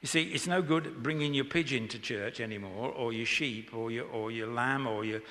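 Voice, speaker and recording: A man's voice: medium pitch, normal speed, pushed and bright. A man preaching an informal sermon in church, chatty and joking with the congregation. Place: church hall. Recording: echoey church hall.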